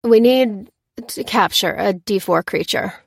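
A woman's voice: mid-range voice, a little slow, vocal fry, no echo, clean studio sound. A woman voicing a polite, somewhat hesitant female botanist and officer. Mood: earnest.

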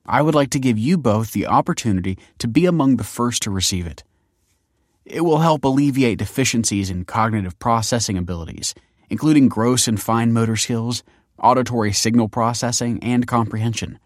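A man's voice: mid-range voice, no room sound, studio quality, voice pushed up, lightly acted. A man voicing a composed young woman official who explains things in a precise, formal way.

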